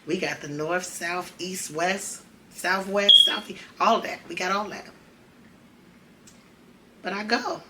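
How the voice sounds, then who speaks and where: Low-voiced woman telling her story. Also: slow, pauses often, very noisy. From Chicago. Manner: emotional, conversational, acts out quoted dialogue. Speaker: podcast host. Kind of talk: personal storytelling.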